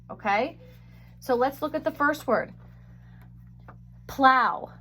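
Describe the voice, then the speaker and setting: Lady teacher doing a phonics lesson, bit high voice, sounds out words real slow and careful. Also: fairly bright tone.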